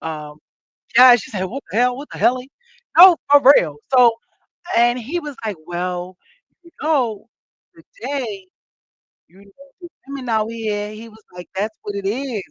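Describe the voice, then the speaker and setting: A fairly high-voiced woman with tells a story to her podcast listeners, laughing as she acts out what people said. The sound is dull and muffled, with no room echo at all. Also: unhurried. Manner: animated, laughing, acts out quotes. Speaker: podcast host.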